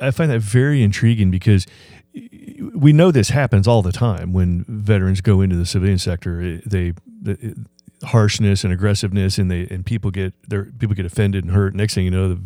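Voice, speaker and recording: A man hosting an interview, reflecting on his guest's story in a halting way with frequent restarts. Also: fairly low pitch, warm tone, dry recording. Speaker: host.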